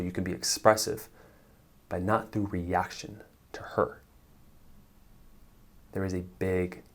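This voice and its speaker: A man giving relationship coaching straight to camera, emphatic and conversational, acting out sample lines of dialogue. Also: low-pitched. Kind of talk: direct-to-camera advice talk.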